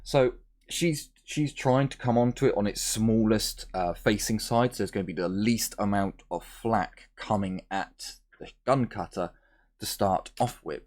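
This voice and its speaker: A man's voice: fairly low pitch, a little slow, a little mellow. A man game master explaining rules and narrating a tabletop game in a chatty, joking way.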